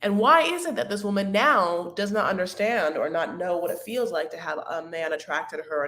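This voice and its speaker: A woman recapping a reality show in a catty, dramatic, gossipy manner, with sudden loud outbursts. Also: fairly low pitch, animated, moderate pace, echoey room. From Arab-American. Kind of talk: casual recap chat.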